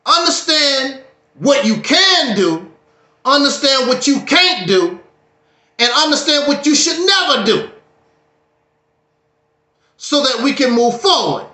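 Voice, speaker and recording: Man, high voice, bright tone, casual livestream monologue, preachy, joking, echoey room. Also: sing-song, slow pace, long pauses. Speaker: YouTube streamer.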